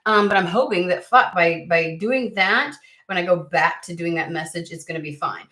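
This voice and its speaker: A woman from the United States chatting casually to camera as a tarot reader, rambling and halting, with lots of fillers and restarts. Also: fairly low pitch, pushed and bright. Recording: echoey room.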